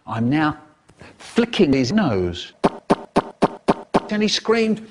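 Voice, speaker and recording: A man performing comic stories and rhymes with an animated, exaggerated delivery and expressive swoops. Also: on the high side, takes it slowly, pauses often, breathy edge. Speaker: storyteller. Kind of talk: comic storytelling and rhyming performance.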